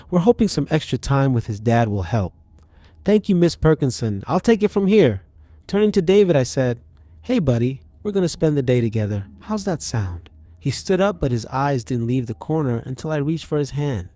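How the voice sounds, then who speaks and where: A man's voice: a little high, warm tone. A man narrating a first-person horror story in a tense, dramatic reading.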